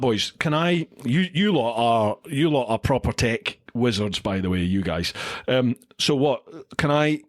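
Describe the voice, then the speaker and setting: A middle-aged man hosts a casual livestream chat, reading out viewer comments and greeting each viewer by name. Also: medium pitch. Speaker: podcast host. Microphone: studio mic into a recorder.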